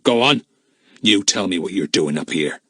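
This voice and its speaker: A man's voice: sits low, lively intonation, pushed and bright, no room sound, studio quality, voice pushed down, heavily acted. A man doing a cruel, growling brute. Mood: menacing. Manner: growling, slow menacing drawl. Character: threatening burly grown man, cruel and spiteful.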